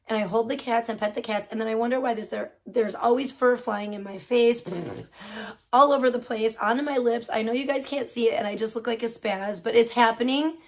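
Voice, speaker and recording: A woman livestreams from a room in her home and chats casually with her viewers. She rambles and circles back with plenty of fillers and restarts. Her voice sits fairly high. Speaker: livestream host. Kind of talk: casual chat.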